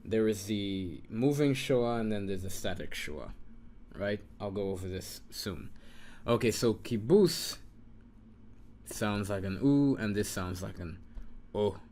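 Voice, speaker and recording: Slow, low-voiced man teaching. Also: darkish tone. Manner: patient, repeats sounds slowly for the learner; mutters to himself while writing. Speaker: Hebrew teacher. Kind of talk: informal lesson.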